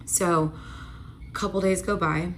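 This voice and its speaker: A young woman telling a personal story in a casual vlog, retelling it with lively quoted voices. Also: on the low side, a little slow, slight background noise. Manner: animated retelling, quoting both sides in voices. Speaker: storyteller vlogger.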